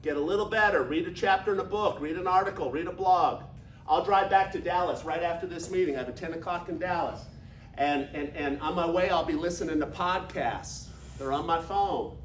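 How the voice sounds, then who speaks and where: A high-voiced man in his fifties gives a folksy, energetic motivational talk. He is heard from far off in an echoey meeting room. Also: brisk, a little hiss or hum. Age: 50s. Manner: energetic, folksy, leads audience call-and-response. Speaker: business speaker.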